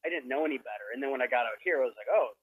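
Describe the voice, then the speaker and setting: A man's voice: medium pitch, expressive, racing, slightly rough, no echo, phone-quality sound. A man from Minnesota, a guest filmmaker in a casual podcast chat, telling a story with lots of "like" fillers.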